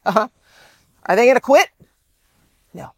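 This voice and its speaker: A woman speaking to an audience, telling a story in an animated way and acting out the dialogue. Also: fairly high pitch, measured pace, dry recording. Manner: animated, exclaims often, acts out quoted dialogue.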